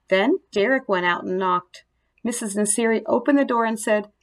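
A woman narrating a children's storybook in a gentle, expressive read-aloud manner. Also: mid-range voice, normal speed.

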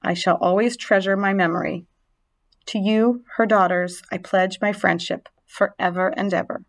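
A woman voicing a gentle, lonely young male pig in a storybook reading, earnest and pleading. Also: medium pitch, steady tone, normal speed, gravelly, close to an everyday voice, poor audio. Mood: solemn.

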